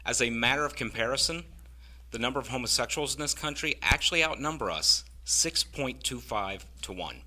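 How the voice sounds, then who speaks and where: Stand-up comic, male, mid-pitched and bright, dry deadpan delivery on stage. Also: fairly quick, slight background noise. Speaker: stand-up comedian. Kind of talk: stand-up comedy set. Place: comedy stage with a live audience.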